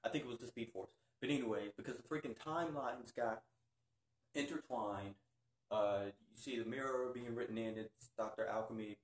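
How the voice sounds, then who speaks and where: Man vlogger, excitable casual reviewer, mid pitch, recorded with roomy echo. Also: normal speed. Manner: excitable, keeps saying "freaking". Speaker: YouTube reviewer.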